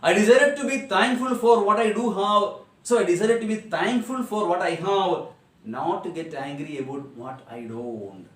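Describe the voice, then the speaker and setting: A man with an Indian English accent explains a text to his class, repeating every line in new words and firing rhetorical questions at his students. His voice sits a little high for a man. He sounds set back from the mic in a roomy, echoing space. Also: normal speed, distant mic. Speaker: teacher. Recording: echoey room, voice away from mic.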